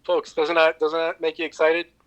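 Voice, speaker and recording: A man's voice: fairly high pitch, monotone, brisk, dull audio, noisy background. A man co-hosting a casual podcast over an online call, rambling and joking with stammered restarts. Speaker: podcast co-host. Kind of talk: casual chat. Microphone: online call with cheap mic.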